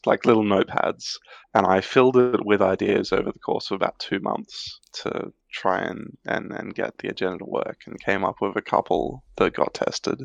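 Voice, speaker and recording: A man's voice: on the low side, vocal fry, dry recording, highs cut off. A man on a podcast as a guest, talking casually and reflectively with a few restarts. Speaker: podcast guest, card designer. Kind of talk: casual chat.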